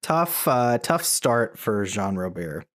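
A man hosting a casual podcast, leading picks and scores in a relaxed, joking way. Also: fairly low pitch, slow. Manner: laid-back, joking, leads the segments. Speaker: podcast host.

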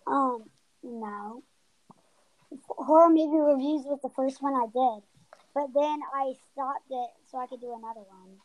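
A young woman with a very high voice chats on a casual podcast. She is easygoing and teasing, and she stumbles a little as she retells a story. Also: measured pace, a little mellow, low-quality recording. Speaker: podcast co-host.

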